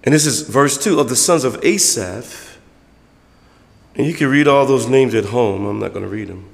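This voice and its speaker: A man preaching a conversational sermon as pastor, acting out church members in quick voices. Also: mid-range voice, creaky, long reverb tail.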